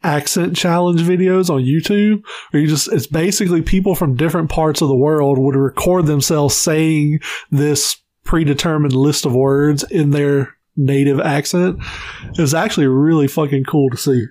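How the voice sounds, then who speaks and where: A man with a somewhat high voice tells stories on a podcast, swearing casually along the way. His voice sits close and dry, with no echo. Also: moderate pace. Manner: animated storyteller, swears freely. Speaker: podcast co-host. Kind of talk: casual chat.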